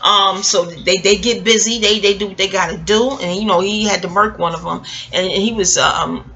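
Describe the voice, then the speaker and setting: A woman's voice: medium pitch, brisk, sharp tone, highs cut off, slight background noise. A woman giving a casual, rambling TV episode review, joking and scattered, with frequent asides and free swearing. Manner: swears freely. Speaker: TV recap vlogger.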